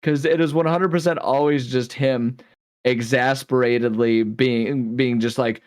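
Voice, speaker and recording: A man's voice: medium pitch, fairly even intonation, a little slow, no room sound, studio quality. A man with a Midwestern accent chatting casually as a podcast co-host, rambling with many restarts and easy laughter.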